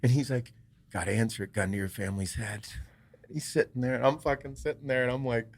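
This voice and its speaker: A man hosting a podcast, telling a story in casual chat, swearing freely, laughing often and dropping to a hush for parts of the story. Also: mid-range voice, steady tone, quick pace, no echo. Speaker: podcast host.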